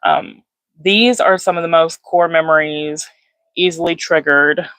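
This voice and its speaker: Low-voiced woman chatting on a livestream. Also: fairly even intonation, a little slow, fairly bright tone, no room sound. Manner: rambling, many fillers, greets viewers by name. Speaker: livestream host. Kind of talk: casual live chat. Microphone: phone.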